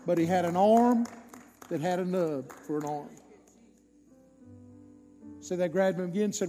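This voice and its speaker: A high-voiced male preacher tells a story in a sermon, swinging between loud peaks and hushed drops. His voice carries a long church-hall reverb. Faint music plays underneath. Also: a little slow, long pauses. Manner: dramatic, swinging loud and soft.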